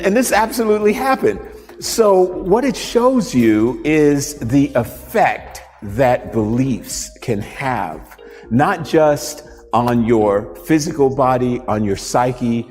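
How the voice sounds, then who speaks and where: A man hosting a radio show, telling a tale with lively put-on voices for his characters. His voice sits in the middle range and carries a long reverb in the studio. Soft music plays faintly behind him. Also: mid-range voice. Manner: animated storyteller, acts out voices. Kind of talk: storytelling and live demonstration.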